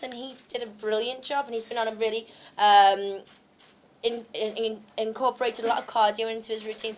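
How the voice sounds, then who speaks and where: Chatty young woman, slightly high voice. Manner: chatty, laughs often, many fillers. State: a little unwell from travel. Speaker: actress at a magazine launch. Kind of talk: answering press questions. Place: press event.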